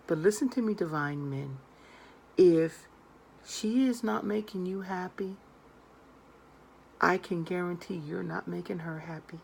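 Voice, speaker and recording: Woman tarot reader, lowish gravelly voice, emphatic and direct, faint hiss behind. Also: a little mellow. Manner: earnest, emphatic, addresses viewers directly. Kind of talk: direct-to-camera advice monologue.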